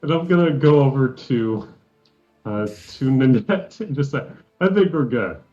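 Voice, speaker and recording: A man playing in a tabletop game who speaks with gentle, halting restarts. His voice is of middle pitch. The stream audio sounds a little dull. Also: lively intonation, soft background music. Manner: hesitant, gentle. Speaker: player. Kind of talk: casual tabletop role-play.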